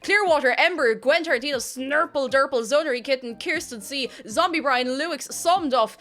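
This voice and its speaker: A woman's voice: high voice, moderate pace. A young Irish woman chatting casually on a live stream, greeting viewers by name and reading their messages aloud with plenty of laughter. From Ireland. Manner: chatty, animated, laughs often, reads chat names aloud. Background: faint music.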